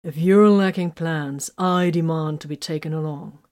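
A woman voicing a calm, protective male space marine leader who speaks firmly and commands. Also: low-pitched, normal speed, natural voice. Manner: firm, commanding.

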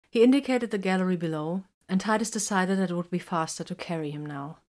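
A woman reading a story aloud as its narrator, in a measured, even storytelling manner. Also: lowish voice. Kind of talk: scripted narration.

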